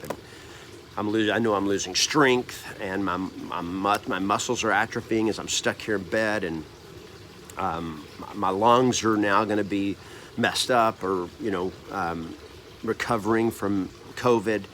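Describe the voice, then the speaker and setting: A man's voice: fairly low pitch, unhurried, fairly bright tone, slight background noise. A man in his fifties, a coach, telling a personal story to camera in an earnest, rambling way, restarting and correcting himself often. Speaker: real estate trainer and coach.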